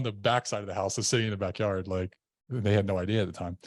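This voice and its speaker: Deep-voiced man telling his story. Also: fairly even intonation, fast, no echo, clean studio sound. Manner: earnest, conversational, recounting events in vivid detail. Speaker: podcast guest. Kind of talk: candid personal storytelling. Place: indoor room.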